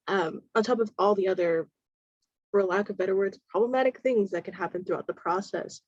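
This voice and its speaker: A woman's voice: medium pitch, a little fast, no room sound. A woman from the United States, chatting casually with lots of fillers during an online meetup. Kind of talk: casual chat. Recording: dull lo-fi video call audio.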